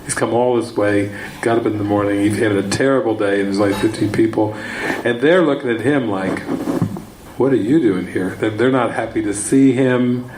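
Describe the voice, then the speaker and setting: A man's voice: lowish voice, fairly quick, noisy background. A man giving a spiritual teaching talk, telling a story and repeating words for emphasis. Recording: echoey room, faint ambience.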